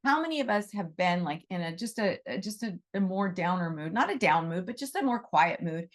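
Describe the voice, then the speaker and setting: A middle-aged woman teaching a talk on animal reiki to her students, effusive and animated, often repeating her phrases. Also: lowish voice, a little fast.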